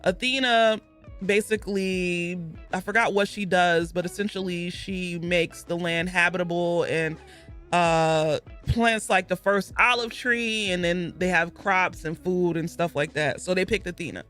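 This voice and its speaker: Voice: mid-range voice, fairly even intonation, a little slow, a bit bright, soft background music. A video host giving a rambling, casual recap of a book, with asides and self-corrections.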